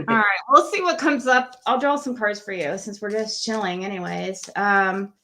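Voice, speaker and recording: Bright-voiced woman in her sixties. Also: mid-range voice, moderate pace, a little hiss or hum. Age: 60s. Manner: laughs often, relaxed and chatty. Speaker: livestream host. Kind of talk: casual late-night chat.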